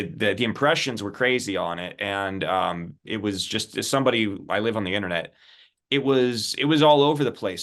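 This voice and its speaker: Interview host, male, mid-pitched, casual and chatty, stumbles and restarts. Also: a bit bright. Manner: chatty, rambling questions with restarts.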